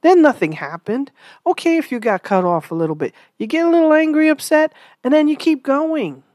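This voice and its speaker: A woman delivers earnest spoken commentary at a brisk pace, asking rhetorical questions, sighing, and swinging her pitch in a lively way. There's no echo.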